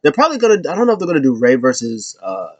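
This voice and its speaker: A man talks through a wrestling show on his own, casual and loose, full of "uh" and restarts. His voice sits a little high, and the dry, close mic puts him right in your ear. He slips into squeaky voices when he quotes the wrestlers. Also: wildly swooping pitch, rapid-fire, no room sound, muffled recording. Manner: rambling, filler-heavy, acts out quotes in a high voice. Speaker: wrestling recap host. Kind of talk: casual solo recap.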